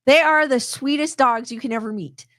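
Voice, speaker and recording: Middle-aged lady chatting on a stream, rambly, keeps restarting, bit high pitched. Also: moderate pace, fairly bright tone, no echo, clean studio sound. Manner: reads viewer comments aloud. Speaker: host reading chat comments. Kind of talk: casual live-stream chat.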